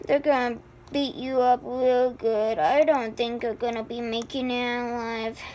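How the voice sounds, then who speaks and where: Woman, high voice, slow, amateur improvised voicing, stammers and sighs a lot. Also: a little mellow, slight background noise. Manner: halting, stammering, with many fillers and sighs. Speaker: voice actor for a homemade life-sim movie.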